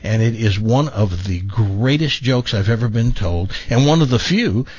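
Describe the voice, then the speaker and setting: A man hosting a radio show, telling a long joke in a loose, animated way. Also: medium pitch, moderate pace, very noisy. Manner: animated, loose storyteller with fillers. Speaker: radio host. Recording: dull dry studio sound.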